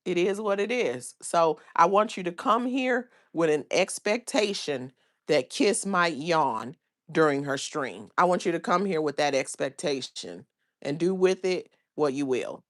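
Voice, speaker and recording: A woman's voice: low voice, lively intonation, measured pace. A woman hosting her own livestream, talking to her viewers in a blunt, profane, rambling way. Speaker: livestream host. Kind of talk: casual livestream chat.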